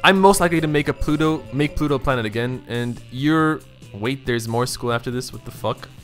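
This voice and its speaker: A man's voice: mid-range voice, a little fast, soft background music. A young man hosting a casual game playthrough, reading game text aloud and laughing often. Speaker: let's play host. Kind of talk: casual gameplay commentary.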